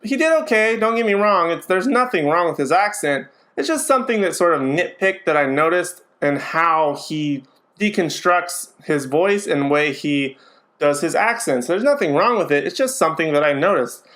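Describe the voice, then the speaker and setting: A man's voice: fairly high pitch, lively intonation, normal speed, a bit bright. A man giving a casual, opinionated movie review, chatty and hedging with frequent ums.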